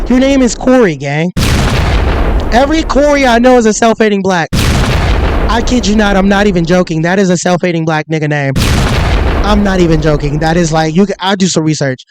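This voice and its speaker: A man's voice: sits high, moderate pace, heavy background noise. A young man ranting profanely and confrontationally on a livestream, insulting the people he talks about. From United States. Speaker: streamer.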